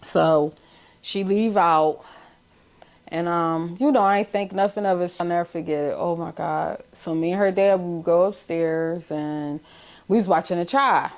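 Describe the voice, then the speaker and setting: A middle-aged woman with a Philadelphia accent, a bereaved mother giving a halting, emotional account in a documentary interview, with many restarts. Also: fairly low pitch.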